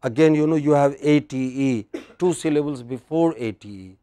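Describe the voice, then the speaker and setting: A man's voice: on the high side, normal speed, mellow. Indian man teaching word stress. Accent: Indian English. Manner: drills word stress, quizzing students. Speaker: English pronunciation teacher. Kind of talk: classroom lecture.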